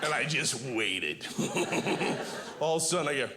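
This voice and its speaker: Middle-aged male comic, high voice, wry and self-mocking, noisy live club sound. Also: sing-song, slow. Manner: wry, self-deprecating punchlines with shouted bursts. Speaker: stand-up comedian. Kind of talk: stand-up set. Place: comedy club stage. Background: audience laughter.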